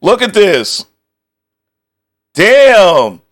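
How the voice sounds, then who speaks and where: A man's voice: sits high, sing-song, extremely slow. A young man streaming, reacting casually to outfits with constant laughter, swearing and joking banter.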